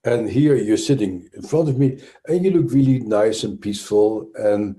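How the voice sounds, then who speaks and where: Speaking at normal speed in a fairly low, warm voice, a Dutch-accented trauma expert explains things thoughtfully as an interview guest. His speech has frequent restarts and fillers.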